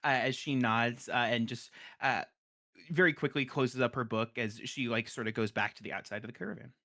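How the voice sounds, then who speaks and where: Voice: mid-range voice, steady tone, a little fast, sharp tone. A game master narrating a tabletop game in a rambling way, with many fillers.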